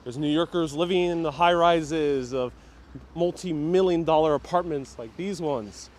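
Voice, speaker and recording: A man's voice: a little high, moderate pace, a little mellow. Chatty man hosting a street tour. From New York City. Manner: chatty, reads viewer comments aloud and answers them. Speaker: walking-tour livestream host. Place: outdoors on city streets.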